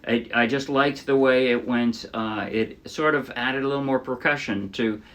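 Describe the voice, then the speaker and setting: Teaching ukulele casually over the sound of ukulele playing, a man speaks at normal speed with a medium pitch and a fairly bright tone. His tutorial is chatty and demonstrative, with frequent mid-sentence self-corrections.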